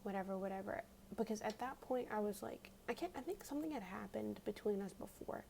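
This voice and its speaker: Whispering young woman, gravelly and dark. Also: mid-range voice, fairly quick, a little hiss or hum. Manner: chatty, frequent fillers. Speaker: ASMR creator. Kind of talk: whispered ASMR storytime.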